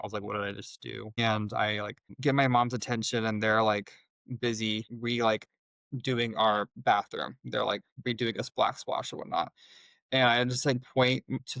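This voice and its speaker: A young man speaking as an interview guest, telling a personal story in a halting way with many filler words. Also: on the low side, a bit bright, no room sound, low-quality recording. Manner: halting, heavy use of "like" fillers.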